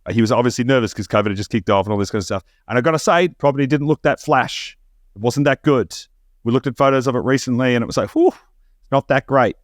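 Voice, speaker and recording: A man hosting a casual podcast, rattling along at a brisk pace. He jumps in with stuttered restarts and lively emphasis. The sound is close and dry, with no room around him. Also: mid-range voice, dry recording. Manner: fast, animated, stumbling restarts. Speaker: podcast host.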